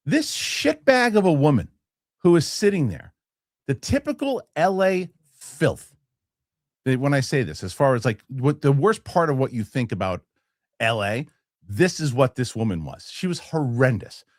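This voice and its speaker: A man's voice: mid-range voice, moderate pace, no room sound, studio quality. A man in his forties hosting a show, telling a heated story in a casual rant, swearing and acting out the people in it. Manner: heated, animated, swears, acts out quoted people. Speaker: show host.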